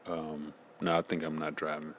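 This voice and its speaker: A man's voice: rumbling low, completely flat delivery, moderate pace, slight background noise. A man giving a casual personal testimony, slangy and loose, often saying "man" and "you know.".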